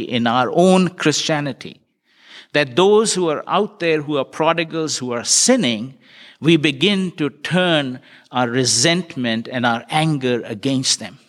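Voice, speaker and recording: A man's voice: mid-range voice, a bit bright. A man preaching a sermon, retelling a parable and putting earnest, searching questions to his listeners.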